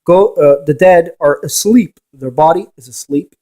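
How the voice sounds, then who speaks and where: At normal speed, a ghost investigator with a dark voice on the high side holds forth in a preachy, rambling monologue. He spars with the viewer using rhetorical questions.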